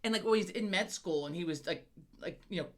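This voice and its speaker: A woman's voice: fairly low pitch, a little fast. A woman co-hosting a casual podcast chat, telling a profane story with lots of laughter. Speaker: podcast co-host.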